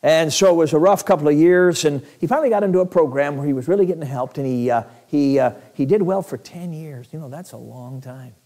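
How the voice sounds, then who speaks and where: A man's voice: a little high, fairly quick, few pauses, warm tone. A male evangelist preaching a sermon in a church, telling stories in a conversational way with chuckles.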